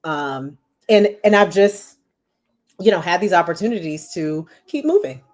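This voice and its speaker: A woman in her forties, a marketing executive, guests on a podcast and tells stories in a casual interview. Her voice sits on the low side and moves at a measured pace, chatty and animated, with plenty of "you know" fillers.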